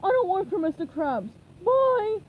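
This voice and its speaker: A woman voicing a dim-witted, friendly male starfish with a slow, dopey drawl. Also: very high voice, very animated, phone-quality sound, slight background noise, pitched above the performer's own voice, heavily acted.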